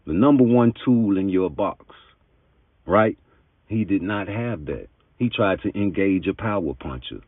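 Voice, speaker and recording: A man's voice: low-pitched, no room sound. A man giving an emphatic, argumentative boxing commentary in blunt street talk. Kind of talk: opinionated commentary monologue. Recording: tinny phone-like dry sound.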